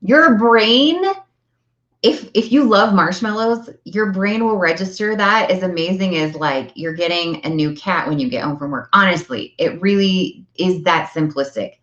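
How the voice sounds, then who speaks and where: A middle-aged woman with a low voice coaching her viewers in a chatty, earnest way, often repeating phrases to drive a point home. The sound bounces around a reverberant room. The recording is a bit dull and muffled. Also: unhurried, fairly bright tone. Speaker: self-help coach. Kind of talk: motivational talk to viewers.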